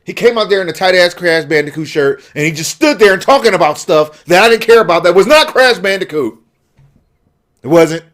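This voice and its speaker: A man's voice: sits high, expressive, a little fast, fairly bright tone. A man ranting heatedly about a gaming event, exasperated and sarcastic. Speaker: gaming vlogger. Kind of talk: angry rant.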